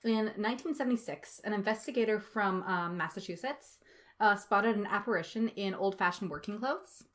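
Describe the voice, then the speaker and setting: A woman's voice: mid-range voice, normal speed. A young woman co-hosting a podcast, reading notes and chatting casually with many fillers. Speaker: podcast co-host.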